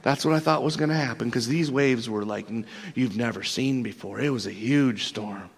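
A man playing the apostle Peter as an excitable, laid-back fisherman, telling his stories in slangy first person with lots of stammered restarts. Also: mid-range voice, normal speed, creaky, slightly rough. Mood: excited storytelling. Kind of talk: first-person character monologue.

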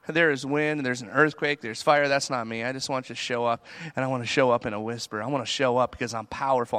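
A man preaching a sermon in a conversational, animated way, acting out the people he talks about. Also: mid-range voice. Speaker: pastor.

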